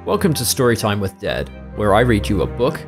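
Gravelly New dad reading aloud. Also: male voice, fairly low pitch, very animated, brisk, music in the background. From New Zealand. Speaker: podcast host reading stories. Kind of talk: bedtime-style story reading.

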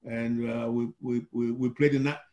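An older man from Malawi, telling his coaching history in an oral history interview, animated and acting out the dialogue he recalls. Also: mid-range voice, moderate pace. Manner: animated, acts out quoted dialogue.

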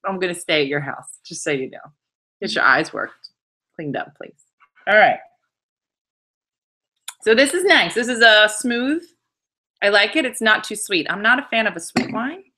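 With a mid-range voice, lively intonation and a sharp edge, this middle-aged wine-tasting streamer talks at a moderate pace broken by long pauses. Her livestream is relaxed chatter, laughter, and viewer comments read aloud.

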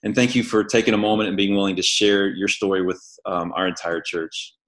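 A man interviewing a guest for a church service speaks in a warm, encouraging way. His voice sits a little low. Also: flat delivery, a little fast.

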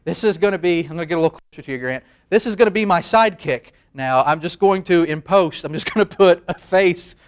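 High-voiced man rambling comic monologue. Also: fast, few pauses, smooth. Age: 30s. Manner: rambling, self-deprecating, laughs at own jokes. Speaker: late-night show host. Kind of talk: comedic monologue. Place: studio. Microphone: facing a camera.

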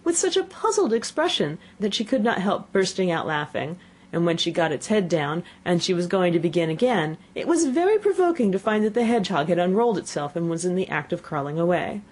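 A woman narrates a classic children's tale for an audiobook. Her voice sits low and has a breathy, husky grain. She colors each line with lively rises and falls. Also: brisk. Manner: expressive storytelling. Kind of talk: scripted narration.

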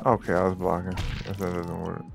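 Gravelly man joking through gameplay. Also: deep voice, level tone, fairly quick. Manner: joking, frantic outbursts. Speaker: co-op gamer. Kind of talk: let's play commentary. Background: faint background music.

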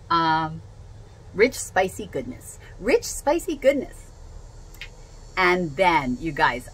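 Gushing woman with a lowish voice. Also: a bit bright, slight background noise, low-quality recording. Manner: gushing and enthusiastic, repeats herself. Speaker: essential oils seller. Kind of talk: product unboxing vlog.

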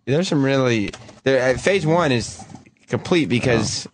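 A man on the show staff reporting in a halting, hesitant way. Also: mid-range voice, animated, a little hiss or hum. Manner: halting, hesitant, many fillers.

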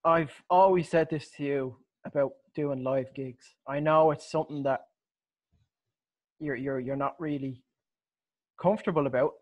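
A man hosts an easy podcast chat, stumbling over his words and chuckling as he goes. His voice sits a touch higher than most men's. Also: steady tone, a little slow, pauses often, muffled recording. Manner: stammering restarts, chuckling. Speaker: host.

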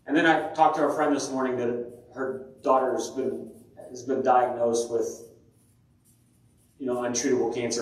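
A man's voice: medium pitch, moderate pace, pauses often. A male pastor preaching a sermon in a church, telling stories and acting out the voices of the people in them. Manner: animated storytelling, acting out voices. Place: church sanctuary. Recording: very echoey church hall from a distance.

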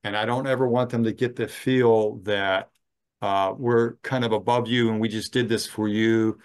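A middle-aged man, a chaplain, giving a slow, gentle training talk on ministry, with some fillers. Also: lowish voice, flat delivery, smooth.

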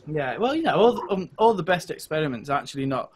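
A man's voice: on the high side, sing-song, fast talker, husky. A man with a Welsh accent chatting casually on a podcast, hesitant with many ums and restarts. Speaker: podcast co-host. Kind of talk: casual chat.

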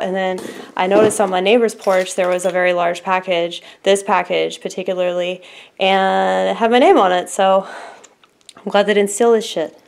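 A woman, chatting excitedly and swearing freely as she unboxes a package in a casual vlog. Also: mid-range voice, slight background noise. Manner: giddy, excitable, swears freely, repeats herself. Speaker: vlogger.

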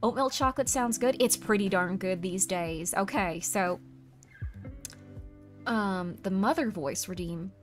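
A woman's voice: mid-range voice, measured pace, faint music behind, pitched below the performer's own voice, natural voice. A woman putting on an American Southern drawl while chatting on a stream, folksy and calling people honey. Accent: put-on American Southern.

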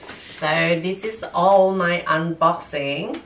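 A man with a non-native English accent, talking through an unboxing haul as a vlogger in halting, hesitant English full of fillers. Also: high-pitched, fairly bright tone. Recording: roomy echo, distant mic, faint noise.

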